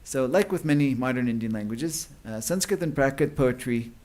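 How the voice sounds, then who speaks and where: A man's voice: mid-range voice, expressive, normal speed, a little mellow. A man giving an academic lecture at a conference. He explains at length, with many fillers and restarts. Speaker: conference speaker.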